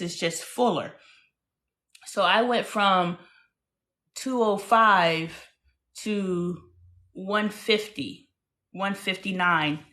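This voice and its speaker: A woman in her thirties hosting a casual livestream chat, telling stories in a chatty, animated way with playful exclamations. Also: medium pitch. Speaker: host.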